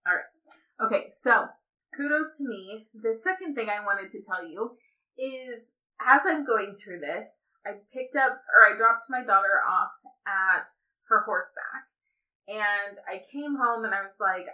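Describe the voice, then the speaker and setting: A woman's voice: mid-range voice, sharp tone, low-quality recording. A woman hosting her own podcast, talking candidly and casually to listeners and laughing often. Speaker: podcast host. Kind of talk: casual solo podcast chat.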